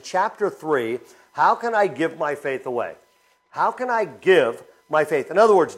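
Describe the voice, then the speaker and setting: A man preaching a sermon as pastor, telling stories and asking the congregation questions. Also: a little high. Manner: storytelling, animated, asks the congregation questions.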